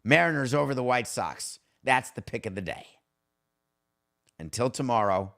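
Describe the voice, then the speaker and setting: A middle-aged man hosting a sports talk show, speaking in a casual, blunt and wry way. His voice sits at an ordinary pitch for a man, and he talks off the cuff rather than reading a script. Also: expressive, moderate pace, gravelly, pauses often, fairly bright tone. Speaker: podcast host.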